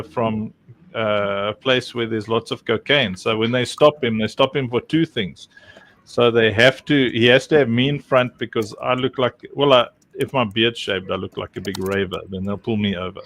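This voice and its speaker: A man's voice: mid-range voice, fairly bright tone, slight background noise. A man from South Africa with a South African accent, hosting a livestream in casual, joking chat with many fillers. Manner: joking, laughs often, rambling with many fillers. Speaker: livestream host.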